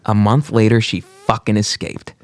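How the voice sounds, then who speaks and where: A man's voice: on the low side, level tone, normal speed, dry recording. A man co-hosting a podcast who tells a true-crime story casually, with profane and joking slang. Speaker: podcast co-host.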